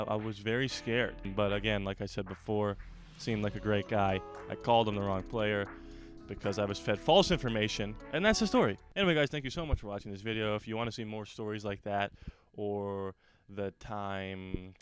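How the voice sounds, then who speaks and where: A young man, host of a fan channel, telling a personal story in a lively, animated way. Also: lowish voice. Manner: animated storyteller, acts out shouted quotes. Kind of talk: storytime vlog.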